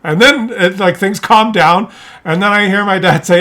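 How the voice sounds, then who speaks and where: A middle-aged man telling a family story in a casual vlog, animated and laughing often as he acts out voices. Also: sits high, normal speed. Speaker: content creator.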